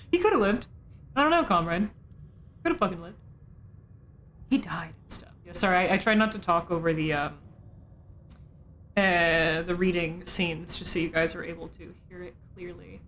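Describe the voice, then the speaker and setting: A woman's voice: fairly low pitch, moderate pace, pauses often, a bit bright, slight background noise. A woman streaming a game in casual commentary, chatty with frequent swearing and laughing asides. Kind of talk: casual let's play commentary.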